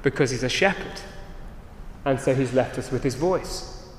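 A man's voice: mid-range voice, moderate pace, slight background noise. A man preaching a sermon, earnest, often restarting his sentences. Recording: roomy hall reverb.

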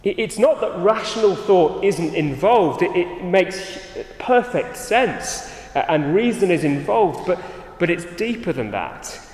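A man's voice: high voice, big pitch swings, unhurried, few pauses, darkish tone. A man preaching a sermon, earnest, often restarting his sentences. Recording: roomy hall reverb.

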